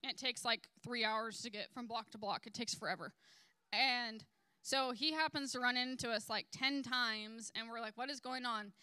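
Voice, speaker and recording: In a clear, resonant voice that sits on the high side, a young woman tells a story as a casual church testimony. She animates it with many "like"s and voices for the people she quotes, and the recording is dry.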